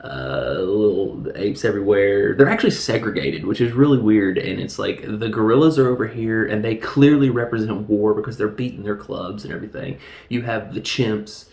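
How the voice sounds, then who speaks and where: A man's voice: on the low side, expressive, normal speed, darkish tone. A man casually reviewing a film, laughing often and recapping scenes with mock voices. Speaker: movie reviewer. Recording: echoey room.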